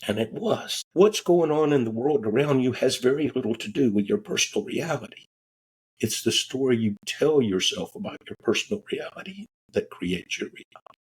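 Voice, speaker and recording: A man's voice: mid-range voice, lively intonation, moderate pace, slight background noise. A man who is a guest on a podcast, telling a story in a casual, candid way and cursing now and then. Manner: casual and candid, swears freely. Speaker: guest, transformational coach. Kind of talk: conversational storytelling.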